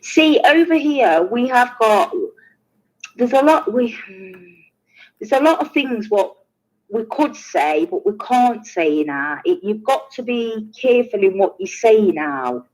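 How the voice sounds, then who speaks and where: A woman chatting on a live stream, hesitant and halting, often laughing between her words. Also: a little high, animated, a little mellow, low-quality recording. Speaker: guest on a live chat. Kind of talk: casual live-stream chat.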